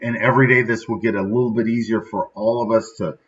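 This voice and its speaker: A man's voice: on the low side, steady tone, fast talker, distant mic, highs cut off. A middle-aged man hosting a daily motivational podcast, speaking in a casual, reflective way and sounding sad and subdued, often tagging his sentences with "right?". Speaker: podcast host.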